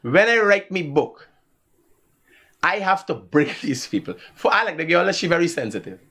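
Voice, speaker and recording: On a live talk show, the Guyanese-accented host tells stories casually in a high, gravelly voice at a normal speed. He's animated and laughs a lot.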